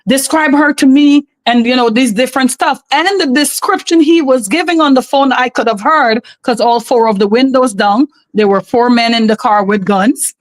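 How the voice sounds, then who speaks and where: A woman's voice: a little high, normal speed, few pauses, dry recording, poor audio. A woman from Guyana, a podcast guest giving an earnest, emphatic personal testimony and often calling on God.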